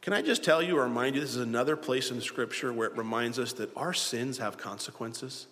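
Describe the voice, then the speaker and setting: A man's voice: mid-range voice, a little fast, fairly bright tone, long reverb tail. A man preaching a sermon as pastor, asking the congregation rhetorical questions.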